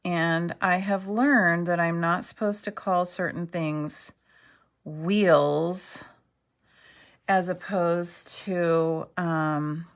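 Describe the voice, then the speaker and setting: A woman's voice: on the low side, fairly even intonation, drawn-out words. A middle-aged woman teaching a card-making craft tutorial, chatty and self-deprecating, often checking in with "okay". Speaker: craft instructor.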